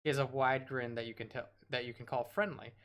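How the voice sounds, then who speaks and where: A man's voice: medium pitch, steady tone, a little fast, fairly bright tone. A man streaming a horror game, reading its text aloud and dropping wry asides, sometimes tripping over his words.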